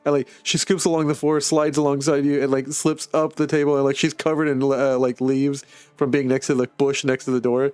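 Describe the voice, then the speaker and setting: A man's voice: medium pitch, level tone, fairly quick, darkish tone, clean tone, dry recording. A man running a tabletop game as game master, rambling with lots of "like" and restarts.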